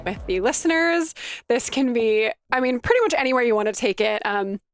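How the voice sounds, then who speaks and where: A woman's voice: fairly high pitch, sing-song, brisk, clean tone, no room sound, studio quality, faint music behind. A woman hosting a podcast in casual chat, bubbly, laughing often and swearing freely. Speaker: podcast host.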